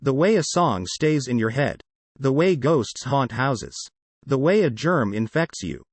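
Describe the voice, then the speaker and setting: A man narrating a novel in the first person, with a flat, sardonic storytelling manner. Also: mid-range voice, measured pace, no echo. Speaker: audiobook narrator.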